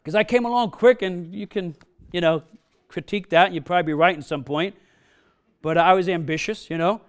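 In a church sanctuary, a male pastor with a non-native English accent preaches to his congregation, firing off punchy repeated questions and frequent "huh?" checks. His voice is high-pitched and clean, and his pace is brisk.

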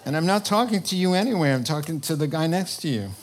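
A preacher delivering an animated sermon. The preacher jokes, asks the congregation questions and acts out the voices of the people quoted. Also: medium pitch, fast, over music. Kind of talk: sermon on end-times prophecy.

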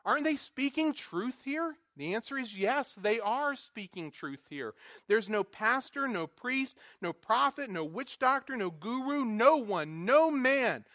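A man delivers a sermon in a high, bright voice. He talks to his listeners conversationally, poses rhetorical questions and sometimes drops into quiet asides. The sound is dry and close. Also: expressive, measured pace, dry recording. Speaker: pastor.

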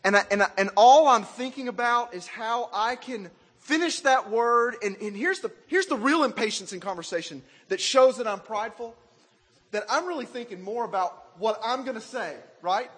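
A man from Arkansas, preaching a sermon in an animated, self-mocking way and asking the crowd questions. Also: very high voice, moderate pace, breathy edge, big-room sound. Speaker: pastor.

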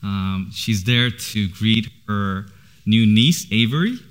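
A man's voice: on the low side, animated, takes it slowly. A man in his thirties preaching in church, casual and chatty, with a lot of laughter. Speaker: pastor. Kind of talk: sermon with personal stories.

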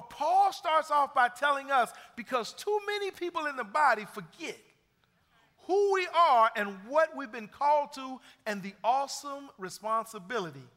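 Pastor guy preaching in a church, really high bright voice, long echo off the hall. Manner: preaching with rising emphasis and animated retelling. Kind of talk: sermon. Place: church sanctuary.

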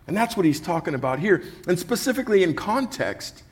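A man delivers a sermon with a somewhat high, husky voice. He preaches earnestly and passionately. He lightens his message with humorous stories from his own life. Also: big pitch swings, a little fast. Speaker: pastor.

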